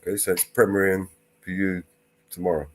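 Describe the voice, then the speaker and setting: A man's voice: deep voice, level tone, brisk. A man hosting a live stream panel, chatting casually, laughing often and rambling through stories.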